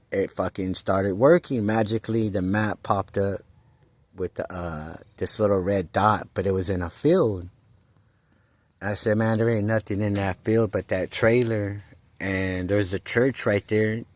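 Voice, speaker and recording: A man with a fairly low voice recounts a personal story in loose, casual speech. He keeps restarting sentences and repeating "he goes", dropping streetwise slang as he goes. The sound is dry and close, with no room around it. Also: no echo.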